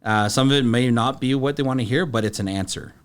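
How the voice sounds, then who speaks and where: A middle-aged man, a podcast guest, telling stories in a halting, plain-spoken way full of fillers and restarts. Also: mid-range voice, clear, resonant tone. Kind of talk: casual storytelling.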